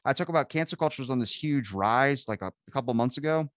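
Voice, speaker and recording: Guy hosting a podcast, rambly storyteller, swears constantly, mid pitch, dry sound. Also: fast, no echo. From grew up in a beach town. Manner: rambling storyteller, swears a lot, acts out quotes. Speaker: podcast host. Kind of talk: casual chat.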